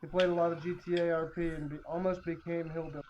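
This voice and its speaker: A man's voice: fairly high pitch, flat delivery, fast talker, highs cut off, very noisy. A man playing a tabletop game, laid-back and joking. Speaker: player.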